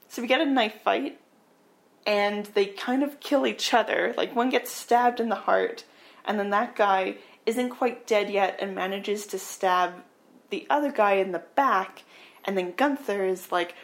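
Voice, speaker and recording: A woman's voice: medium pitch, a little slow, creaky. Casual podcast host woman, chatty film recap, laughs along. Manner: chatty, laughs while retelling scenes.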